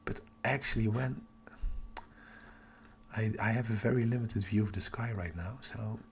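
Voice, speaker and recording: Streaming live from home after dark, the astronomy host talks casually at a moderate pace in a fairly low, gravelly voice. He's excited, thinking aloud and occasionally whispering, with a little background hiss or hum.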